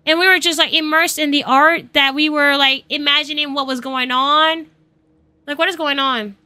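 Excitable high-voiced woman streaming a game. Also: a little slow. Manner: excitable, exclaiming, talking to viewers. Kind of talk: live gameplay commentary.

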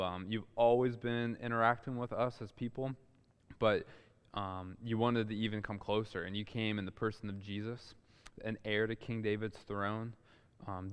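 A man leading a spoken prayer, soft and unhurried, with many pauses and fillers. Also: fairly low pitch, clear, resonant tone. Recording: long reverb of a hall.

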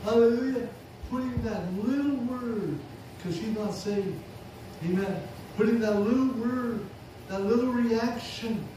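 A man with a very high voice preaches slowly and deliberately, dropping amen and hallelujah between his points. He is heard from a distance in a big, echoing hall. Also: background noise. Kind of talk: sermon. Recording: echoey hall recording from far off.

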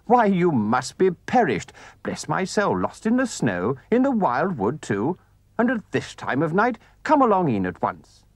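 A man voicing a gruff, fatherly old male badger in a storybook recording. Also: on the high side, huge pitch swings, moderate pace, no echo, voice pushed up. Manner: gruff, suspicious then kindly.

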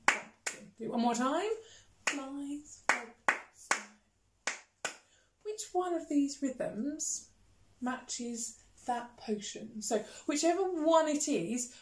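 A woman music teacher with a British accent leading a children's rhythm lesson, chanting words slowly with gasps and playful disgust. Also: a little high, reverberant. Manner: animated storytelling, gasps and exaggerated disgust.

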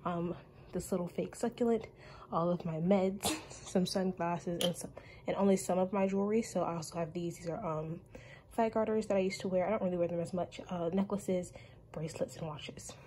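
Young woman vlogger, breathless and chatty, warm lowish voice, faint bedroom hiss. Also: fairly even intonation, a little fast. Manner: chatty, rambling with many ums. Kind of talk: casual room tour. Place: her bedroom, indoors.

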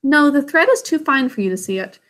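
A woman voicing a gentle, wise old grandmother who speaks in a calm, measured way. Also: high voice, pitched above the performer's own voice.

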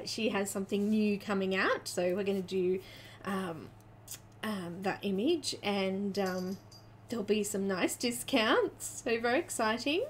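A woman hosting a casual live chat, a little out of breath, chatty and quick to laugh as she greets viewers by name. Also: medium pitch, slight background noise. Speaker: live stream host.

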